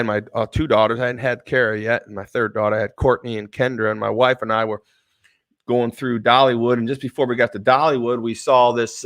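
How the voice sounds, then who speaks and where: A middle-aged man giving a motivational talk, telling a personal story in an animated, emotional way and often restarting his phrases. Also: mid-range voice. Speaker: motivational speaker and author.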